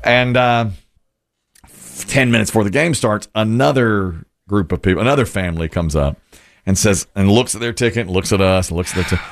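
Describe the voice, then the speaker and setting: A man co-hosting a casual radio show, telling long animated stories and jumping into squeaky voices for the people he quotes. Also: a little fast. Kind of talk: casual morning radio banter.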